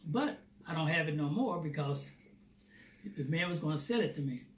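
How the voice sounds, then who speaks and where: A man telling a personal faith testimony as a lively storyteller who acts out the dialogue. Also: a little high, moderate pace. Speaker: Christian theater founder. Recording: roomy, distant mic, faint noise.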